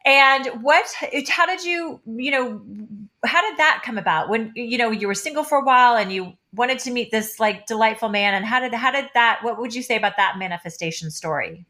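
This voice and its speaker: A woman's voice: a little high, expressive, brisk, pushed and bright. A woman from Kansas and Oklahoma hosting a radio talk show, gushing and enthusiastic, repeating phrases and filling gaps with "like" and "you know.". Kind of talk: upbeat radio interview chat.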